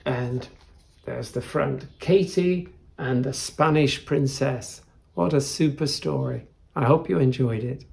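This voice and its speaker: A man reading a picture book aloud to children, gentle and showing the pages. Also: medium pitch, gravelly. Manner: gentle, unhurried, shows the pages. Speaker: storyteller.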